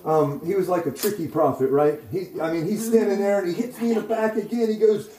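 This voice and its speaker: In an echoey room, a male preacher with a fairly high, warm, mellow voice shares a sermon testimony, speaking fairly quickly. He checks in often with "okay?" and "right?", growing loud and excited as the story builds, with a little hiss or hum in the audio.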